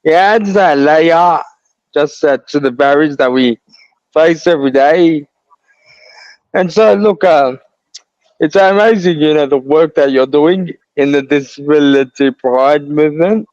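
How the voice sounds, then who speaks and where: A man's voice: a little high, unhurried, darkish tone, no echo, muffled recording. An Australian man hosting a podcast, talking casually and backing his guest with short, agreeing replies. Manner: brief affirming interjections. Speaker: podcast host.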